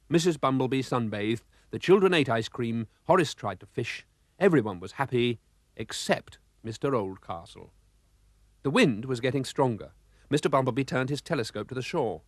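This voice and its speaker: A man narrating a children's storybook cartoon, expressive and voicing the sound effects himself. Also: medium pitch, moderate pace, no room sound, clean studio sound.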